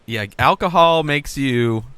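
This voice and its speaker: A man's voice: mid-range voice, takes it slowly, sharp tone, smooth, no room sound. A man hosting a podcast, chiming in with jokes and mock quotes in casual chat. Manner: jokey interjections and mock quotes. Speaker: podcast host.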